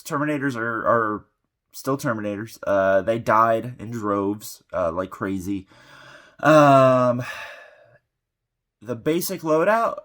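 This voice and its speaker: A man with a mid-range, fairly bright voice hosts a tabletop gaming channel. He's sick and still recovering, and he gives a casual, rambling recap of his game, full of fillers and restarts.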